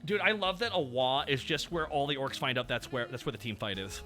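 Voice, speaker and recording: Give me a bright, ranting man chatting on a stream over faint background music. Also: mid-range voice, brisk. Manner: ranting, swears a lot, loud bursts. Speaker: VTuber streamer. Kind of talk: casual chat.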